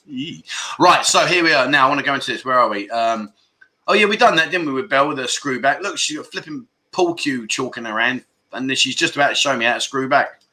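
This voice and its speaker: A man's voice: mid-range voice, a little fast, sharp tone. A man hosting a casual livestream chat show, reading out viewer comments with lots of laughter and mock-grumbling banter.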